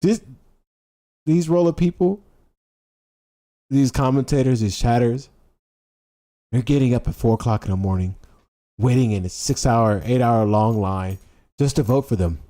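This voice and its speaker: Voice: mid-range voice, measured pace, long pauses, mellow. A political commentator doing livestream commentary on clips, talking heatedly in casual slang, repeating rhetorical questions and swearing.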